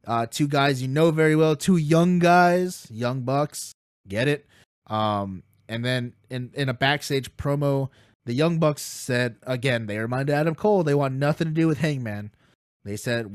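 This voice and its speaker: Excitable, profane man with a raised voice. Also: fairly high pitch, moderate pace, dry recording, studio quality. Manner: excitable, profane, laughs while telling stories. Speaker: podcast co-host. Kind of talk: casual wrestling podcast chat.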